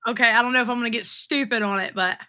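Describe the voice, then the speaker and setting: A woman's voice: on the high side, steady tone, very fast, pushed and bright, no echo. A woman co-hosting a casual livestream, bubbly and playful, chatting while she eats. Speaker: livestream co-host. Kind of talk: casual chat.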